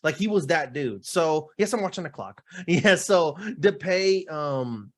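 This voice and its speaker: High-voiced young man, animated podcast talk. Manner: animated, slangy, trails off into quick asides. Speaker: podcast co-host. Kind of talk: casual chat.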